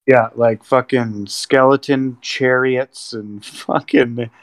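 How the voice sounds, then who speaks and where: A man's voice: medium pitch, fairly even intonation, takes it slowly, dry recording. A man bantering with friends, teasing them, laughing often and swearing heavily. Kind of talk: casual profane banter.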